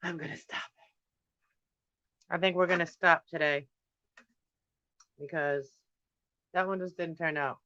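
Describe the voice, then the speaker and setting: A man with a fairly high, bright and smooth voice talks loosely while painting, wandering from one thought to the next. The sound is dry and close. It has a dull, lo-fi stream quality. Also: fairly even intonation, unhurried, pauses often, dry recording. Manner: thinks aloud, drifting from topic to topic with fillers. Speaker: livestream host painting on camera. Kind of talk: casual rambling chat while painting. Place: indoors at home.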